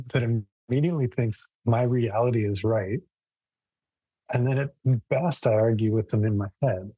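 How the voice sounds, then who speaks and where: Husky-voiced man teaching a yoga class. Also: medium pitch, moderate pace, warm tone, no echo, lo-fi sound. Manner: casual, thoughtful, many restarts and fillers. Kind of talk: relaxed live class lecture.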